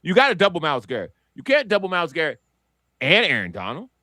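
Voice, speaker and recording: A man argues on a sports talk podcast with a lively, swooping voice that climbs when he gets excited. He fires off rhetorical questions and answers them himself, recorded close and dry. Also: fairly high pitch, fast talker, no room sound. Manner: animated, rhetorical questions, hype. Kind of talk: casual sports debate.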